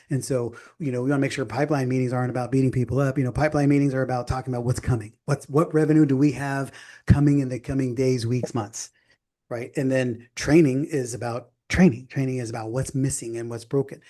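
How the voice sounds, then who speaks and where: A man co-hosting a sales podcast in an easygoing, animated way. His voice is warm and mellow, with a middle pitch. He slips into short quoted lines to make his point. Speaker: podcast co-host. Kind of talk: casual business talk.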